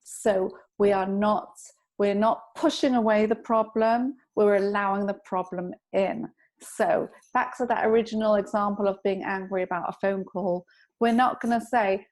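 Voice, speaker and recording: A woman guest on a podcast, calmly explaining a self-help technique and telling anecdotes in an instructive way. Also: medium pitch, normal speed. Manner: calm, instructive, tells anecdotes. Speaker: EFT tapping practitioner, guest. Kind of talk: explaining in an interview.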